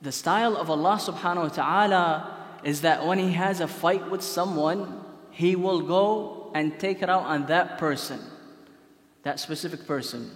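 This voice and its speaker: A man giving a conversational religious lecture, telling stories with many rhetorical questions. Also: a little high. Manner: casual storytelling, frequent rhetorical questions. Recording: echoey hall.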